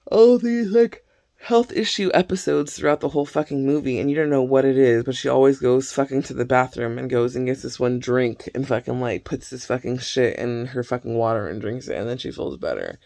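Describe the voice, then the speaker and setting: A man retells movie plots in a casual vlog rant, swearing at every turn and wandering off mid-sentence. His voice is thick with gravelly fry at a middling pitch. The sound is close and dry, with no room around it. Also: animated, normal speed, a little mellow, no room sound. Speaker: vlogger reviewing movies.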